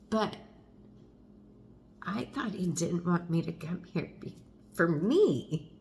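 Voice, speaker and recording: Frank, low-voiced middle-aged mom vlogging. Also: female voice, takes it slowly, fairly bright tone, a little hiss or hum. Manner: frank and confessional, with wry asides and mild swearing. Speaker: mother talking to camera. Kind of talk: candid personal vlog.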